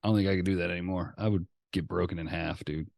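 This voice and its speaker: A middle-aged man with a low voice tells stories in a loose, animated way, swearing freely as a comedian guest. His voice is recorded dry and close, with no room sound around it. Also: quick pace, creaky, no room sound. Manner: profane, animated storyteller. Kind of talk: casual interview chat.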